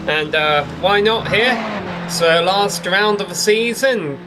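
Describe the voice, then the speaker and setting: A man's voice: high voice, takes it slowly, background noise. A man from England, commentating a sim race in a chatty, informative way. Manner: chatty, informative, builds up excitement at race start. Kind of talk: sim racing play-by-play commentary.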